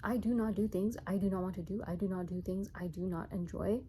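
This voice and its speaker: A woman's voice: medium pitch, steady tone, brisk, warm tone, slight background noise, low-quality recording. A young woman vlogging in a rambling, self-mocking way, laughing often. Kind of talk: casual chat to camera.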